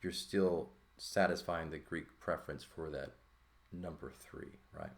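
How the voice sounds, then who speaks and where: A man teaching a language lesson in a relaxed walkthrough, thinking aloud and often checking in with "right?". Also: a bass voice, measured pace. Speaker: Greek teacher.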